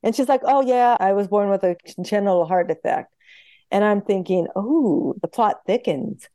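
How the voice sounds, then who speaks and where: Animated woman telling stories. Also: mid-range voice, no room sound. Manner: lively, acts out quoted voices, quick laughs. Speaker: homeopath guest. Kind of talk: animated storytelling in interview.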